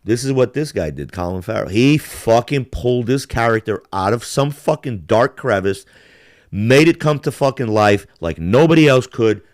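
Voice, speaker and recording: A man's voice: medium pitch, normal speed, no room sound, studio quality. A middle-aged man from the United States, hosting a casual podcast chat, rambling and profane. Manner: profane, rambling, animated impressions. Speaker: podcast host.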